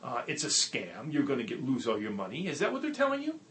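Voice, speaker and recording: A man of middle pitch talks straight to the camera as a folksy, animated storyteller. He gives earnest motivational advice and picks up speed when a story gets going. His voice is recorded on a tablet's built-in mic, with a faint hiss of room noise behind it. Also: fast talker. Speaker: network marketing trainer and show host. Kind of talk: casual to-camera video talk and storytelling.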